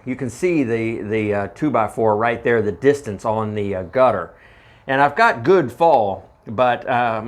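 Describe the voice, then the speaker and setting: A man walking through his homestead project in a casual how-to video, rambling and correcting himself as he goes, holding a handheld microphone. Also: medium pitch. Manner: rambling, halting, with frequent uhs and self-corrections. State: out of breath. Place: outdoor homestead fodder house.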